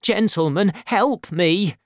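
A reader voicing a frightened little male landlord in a storybook, high and pleading. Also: animated, slow pace, dry recording, clean studio sound. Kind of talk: storybook reading.

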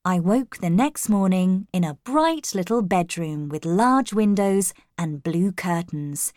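A woman reads a first-person story in a calm, measured way, taking her time over each phrase. Her voice is on the lower side for a woman. The recording is close and dry. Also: no room sound. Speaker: narrator. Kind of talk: scripted storybook narration.

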